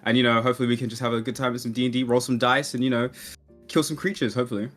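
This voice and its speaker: A man's voice: mid-range voice, little pitch movement, rapid-fire, a bit bright, soft background music. A young man playing in a tabletop game, joking and self-mocking in casual banter. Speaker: player. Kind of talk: casual chat on a stream.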